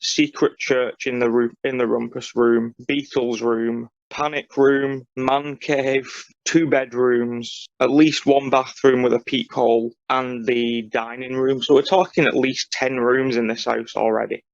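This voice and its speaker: A man's voice: mid-range voice, little pitch movement, a little slow, gravelly, few pauses, no echo, highs cut off. A man co-hosting a podcast, explaining in a dry, matter-of-fact casual chat. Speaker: podcast co-host.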